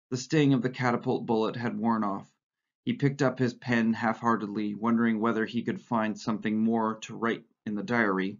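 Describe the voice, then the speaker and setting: A male teacher reading a novel aloud to his class in a steady voice, with brief asides and small slips. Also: lowish voice, creaky. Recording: slightly dull lo-fi recording.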